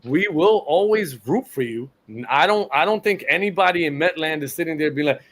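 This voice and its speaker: A man rants bluntly about his team, swearing freely and pushing the point hard. His voice sits high for a man. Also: normal speed, few pauses. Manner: blunt, profane, animated. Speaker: podcast co-host. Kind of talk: heated sports rant.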